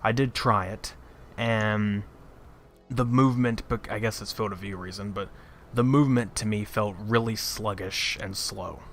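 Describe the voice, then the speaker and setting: Blunt opinionated man, low voice. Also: steady tone, a little slow, soft background music. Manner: blunt, opinionated, laughs at his own points. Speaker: podcast co-host. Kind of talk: casual chat.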